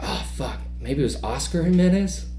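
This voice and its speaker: A man's voice: a little high, lively intonation, moderate pace, dark tone, reverberant, faint music behind. A man talking as a podcast guest in casual conversation, heated, emphatic and profane.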